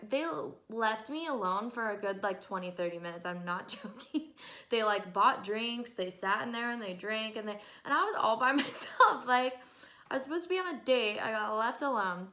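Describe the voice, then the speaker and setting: A woman in her twenties telling stories to camera in an animated, exasperated way, often breaking into laughs. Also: fairly high pitch. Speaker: vlogger. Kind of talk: casual storytelling to camera.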